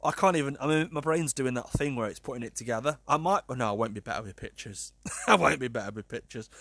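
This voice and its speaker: Animated man, lively pitch. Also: fast, no room sound. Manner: animated, incredulous, swears freely, laughs often. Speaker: podcast host. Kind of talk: casual podcast chat reading news stories.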